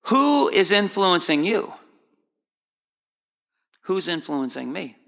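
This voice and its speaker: A man preaching a sermon for broadcast, emphatic and repetitive, often climbing high in pitch to stress a point. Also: sing-song, takes it slowly, vocal fry, a bit bright, big-room sound. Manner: emphatic, repeats key phrases, rising to high pitch for emphasis. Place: church sanctuary, broadcast on air.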